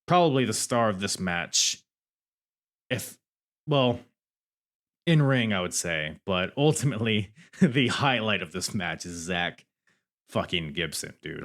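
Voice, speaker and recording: A man's voice: low-pitched, expressive, unhurried, a bit bright. A man hosting a podcast, chatting casually and enthusiastically, laughing and swearing as he talks through wrestling matches. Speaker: podcast host.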